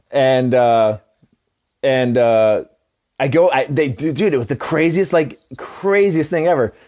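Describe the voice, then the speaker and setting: A young man tells a wrestling story to his podcast co-hosts, rambling and restarting as he goes. He swears freely, and his voice sits at an ordinary middle pitch. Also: slow, darkish tone. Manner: rambling, profane, lots of restarts and fillers. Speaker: podcast co-host, pro wrestler. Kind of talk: casual storytelling chat.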